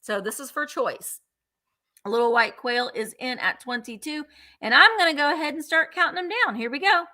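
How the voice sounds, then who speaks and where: A woman's voice: sits high, lively intonation, fairly quick, sharp tone. A woman hosting a live vintage sale, chatting playfully and counting down bids. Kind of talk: live auction selling chat.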